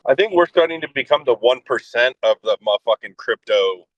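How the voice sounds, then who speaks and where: A man's voice: medium pitch, expressive, brisk, no room sound, highs cut off. A man in a casual podcast chat who rambles and swears heavily.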